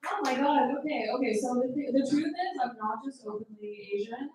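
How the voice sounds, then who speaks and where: A woman doing a stand-up set on a club stage, deadpan and self-deprecating, with hesitant ums. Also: high-pitched, fairly quick, very noisy. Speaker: stand-up comedian. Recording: roomy club echo, distant mic.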